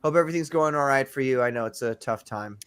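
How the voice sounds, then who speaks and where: A man's voice: medium pitch, quick pace, a bit bright, clean tone. A man hosting a casual livestream, chatting loosely with co-hosts and reading out comments from the chat. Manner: loose, profane, reads chat comments aloud. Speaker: podcast host. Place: home streaming setup.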